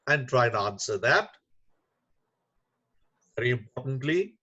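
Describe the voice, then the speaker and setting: Male webinar lecturer, slow and measured, muffled computer mic. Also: medium pitch, a bit bright. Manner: measured, unhurried, with frequent uh fillers. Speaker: webinar lecturer on teaching reading. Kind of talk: online lecture.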